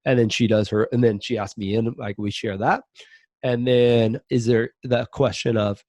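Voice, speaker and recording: A man's voice: medium pitch, fairly even intonation, moderate pace, darkish tone, no room sound. A man speaking as a podcast guest in a casual interview, earnest and reflective as he talks openly about his own life.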